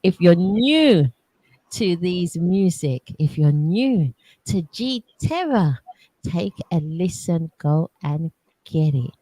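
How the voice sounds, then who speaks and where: A woman's voice: fairly low pitch, expressive, takes it slowly, dark tone, no room sound, low-quality recording. A woman hosting a casual radio interview, chiming in with enthusiastic, affirming remarks. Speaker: radio host.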